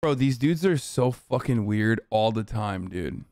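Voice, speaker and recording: A man's voice: on the low side, expressive, measured pace, a little mellow, dry recording, studio quality, soft background music. A man streaming casual reaction commentary, incredulous, mocking and profane.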